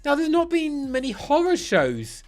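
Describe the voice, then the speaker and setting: A man chats through a ranking of football kits in a loose, joking way, teasing himself as he goes. He trips over his words and starts over often, and his pitch swoops up and down. Music plays faintly behind him. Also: huge pitch swings, measured pace, darkish tone. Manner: playful, giddy, self-mocking; restarts and stutters often. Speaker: football kit reviewer. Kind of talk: casual ranking commentary.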